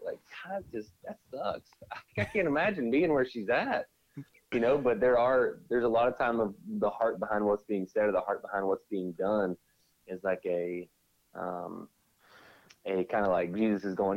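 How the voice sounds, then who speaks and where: A man's voice: fairly low pitch, normal speed, no echo, highs cut off. A man co-hosting a Christian podcast, talking casually and acting out the voices of people he quotes. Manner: animated, acts out quoted voices. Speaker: podcast co-host. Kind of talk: casual faith podcast chat.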